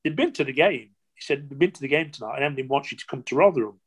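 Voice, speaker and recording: A man's voice: mid-range voice, very fast, breathy edge. An older man from England, a former footballer telling rambling stories in an interview, full of restarts and quoted dialogue. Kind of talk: interview storytelling.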